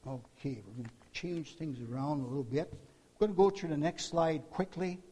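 A male preacher delivers a sermon in a high, mellow voice. He tells the story with emphatic bursts and repeats words as he presses his points. The sound rings with the long reverb of a large hall. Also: moderate pace, slight background noise.

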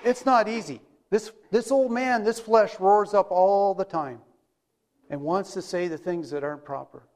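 A man's voice: high voice, measured pace, a little mellow. A man preaching a sermon in a conversational way, telling everyday stories and asking rhetorical questions.

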